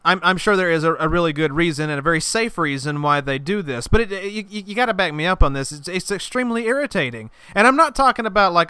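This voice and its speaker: A man's voice: sits high, lively intonation, a little fast, sharp tone, smooth, no room sound, clean studio sound. A man hosting a comedy podcast, ranting in an exasperated way about everyday annoyances. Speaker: podcast host. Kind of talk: comedic monologue.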